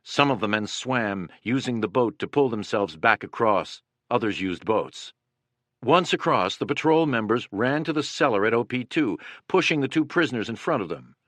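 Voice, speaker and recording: A man narrating a war history as an audiobook in a steady, dramatic manner. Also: mid-range voice, moderate pace, no room sound. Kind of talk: scripted narration.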